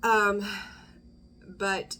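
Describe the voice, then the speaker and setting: A woman's voice: mid-range voice, little pitch movement, extremely slow, bright, forceful tone, slight background noise. A woman giving a casual, rambling tarot reading, often dropping into a whisper as she talks. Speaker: tarot reader.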